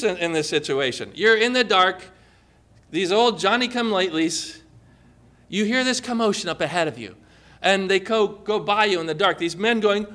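A male pastor with a high-sitting voice preaches a sermon, retelling a parable through animated storytelling and frequent rhetorical questions.

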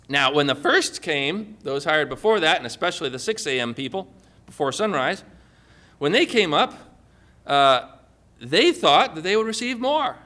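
Male pastor, animated storyteller, bright and high voice, sermon delivery. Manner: animated storytelling, rhetorical questions.

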